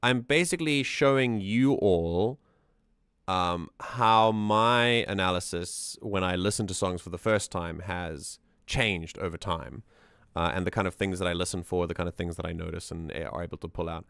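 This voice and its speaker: A man's voice: sits low, moderate pace, vocal fry, a bit bright, clear, resonant tone, dry recording, studio quality. A man streaming casual music-analysis commentary, enthusiastic and rambling, often restarting his sentences.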